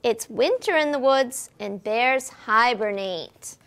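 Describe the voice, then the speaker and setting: A woman voicing a small, fretful male mouse with a squeaky voice in a storybook reading. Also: animated, slow, fairly bright tone, full character voice. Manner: fussing, fretful.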